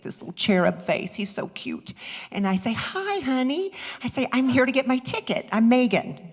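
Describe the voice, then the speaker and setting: A middle-aged woman minister in a church, telling a story with lively energy and slipping into the voices of the people in it. Her voice sits a little low, and a long hall reverb trails behind every line. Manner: lively, animated storytelling, acting out quoted voices. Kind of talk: storytelling sermon. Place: church sanctuary.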